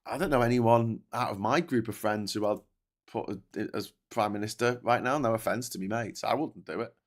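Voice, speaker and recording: This political livestream host has a fairly low voice, a normal speaking speed and a posh Scouse accent. Chatting casually, he reads out viewers' messages and replies to them, swearing freely and breaking off into frequent restarts as he rambles.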